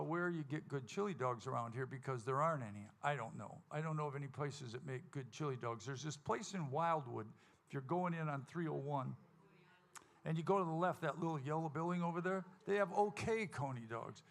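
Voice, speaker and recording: Gravelly folksy man telling a story. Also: medium pitch. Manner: folksy, animated storyteller who acts out quotes. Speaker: stage host and singer at a country music show. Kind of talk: storytelling to a live audience. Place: live music venue stage.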